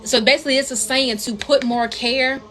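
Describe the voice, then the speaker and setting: Bright-voiced woman giving chatty tarot advice. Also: sits high, fairly even intonation, moderate pace, a little hiss or hum. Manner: chatty, repeats herself, addresses viewers as queens. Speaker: tarot reader and spiritual coach. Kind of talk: casual tarot reading monologue to viewers.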